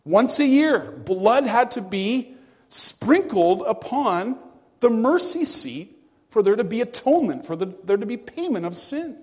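Man preaching, slow deliberate delivery, lively swooping pitch, long church hall reverb. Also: husky. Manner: earnest preaching with emphatic rises and hushed drops. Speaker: pastor. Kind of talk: sermon.

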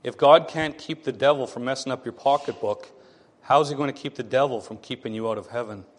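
A man preaches a sermon in a mid-range voice at a brisk pace, with big-room sound. He's animated and acts out the voices of the people he quotes.

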